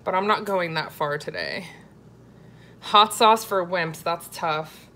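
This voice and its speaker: Chatty woman cooking vlogger, lowish voice. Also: slow pace, pushed and bright, a little hiss or hum. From Florida. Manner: chatty, reads viewer comments aloud. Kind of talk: casual live-stream chat.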